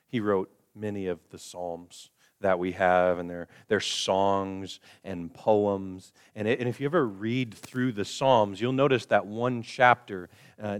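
Low, smooth-voiced man preaching with swings. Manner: swings from hushed, slow to loud, high-pitched emphasis; acts out quoted voices of the congregation. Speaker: pastor. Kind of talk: sermon. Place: church.

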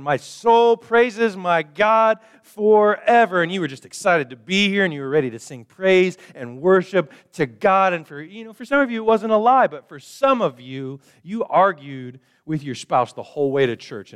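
A male pastor preaching a sermon, swinging from quiet, slow passages to loud, high emphasis and acting out quoted voices. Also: smooth. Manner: acts out quoted voices of the congregation. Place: church.

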